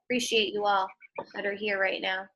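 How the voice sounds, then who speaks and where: Bright-voiced upbeat woman teacher. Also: mid-range voice, little pitch movement, a little fast. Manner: upbeat, encouraging. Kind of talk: online class talk. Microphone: video call.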